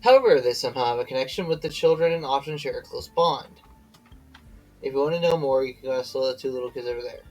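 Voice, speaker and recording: A man's voice: mid-range voice, quick pace, darkish tone, faint music behind, poor audio. A tired man streaming a game, reading its dialogue aloud with slips and self-corrections, breaking off to chat and yawning.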